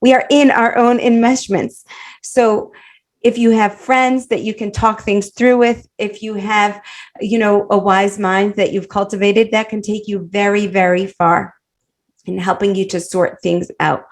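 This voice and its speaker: A woman coach teaching a live online class over a video call, animated and warm, laughing often as she encourages her students. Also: medium pitch, measured pace. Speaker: women's life coach and teacher.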